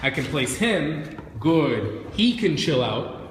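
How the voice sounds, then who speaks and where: A man's voice: on the high side, sing-song, slow, noisy background. A man, a dog trainer, talking casually on a live stream, chatty and often asking "right?" while working with dogs. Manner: chatty, talks to viewers and dogs, frequent "right?" and "like". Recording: echoey room with long reverb.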